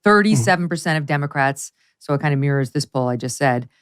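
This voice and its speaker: Lively woman hosting political talk. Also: low voice, quick pace, clean tone. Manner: animated, mocking voices while quoting. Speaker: podcast host. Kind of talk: casual political chat.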